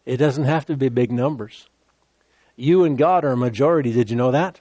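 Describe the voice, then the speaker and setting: A man preaching a sermon with call-and-response, animated and repeating words for emphasis. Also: medium pitch, fairly quick.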